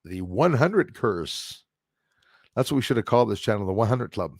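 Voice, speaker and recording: A man's voice: lowish voice, big pitch swings, normal speed, darkish tone, no echo, studio quality. A man hosting a casual livestream, chatting loosely and reading out viewer comments with frequent laughs and fillers. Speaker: livestream host.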